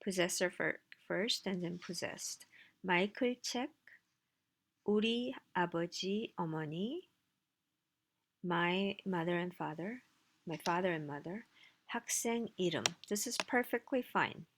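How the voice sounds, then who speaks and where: Lady teacher with a gravelly low voice, casual, dry little asides. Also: brisk. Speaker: Korean language teacher. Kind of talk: recorded lecture with slides.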